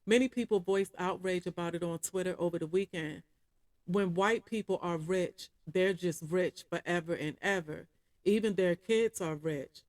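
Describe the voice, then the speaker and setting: In a clean, dry studio recording, a woman with a low, darkish voice reads a news article at normal speed for her video audience. She stops often to address viewers as y'all, keeping the reaction commentary casual.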